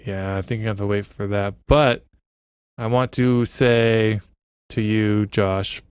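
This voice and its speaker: Smooth-voiced joking podcast co-host. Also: male voice, on the low side, steady tone, slow pace, dry recording, studio quality. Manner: joking, rambling, heavy on fillers. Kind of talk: casual chat. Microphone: studio mic with headphones.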